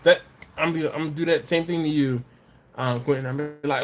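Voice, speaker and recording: A man's voice: on the high side, steady tone, quick pace. A man hosting a casual live stream, reading viewer comments aloud in a rambling, chatty way, often laughing and repeating his words. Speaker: livestream host reading viewer chat.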